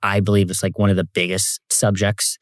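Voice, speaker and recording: Young guy talking it through slow, lotta "like"s, lowish voice, dry mic. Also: level tone, dry recording. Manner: thoughtful, halting, lots of "like". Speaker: podcast guest, host's husband. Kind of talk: casual chat.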